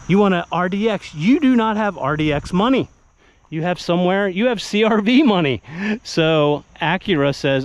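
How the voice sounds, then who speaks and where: A man's voice: high voice, moderate pace. A man hosting a casual car review, talking conversationally as he walks around and sits in the vehicle. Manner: conversational, animated, acts out buyer dialogue.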